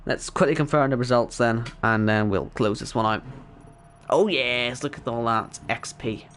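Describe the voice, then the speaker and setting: A man, hoarse and worn out, casually wrapping up an esports race stream and chatting with viewers. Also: medium pitch, normal speed, a bit bright. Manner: chatty, reads chat aloud, self-deprecating. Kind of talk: casual stream sign-off commentary.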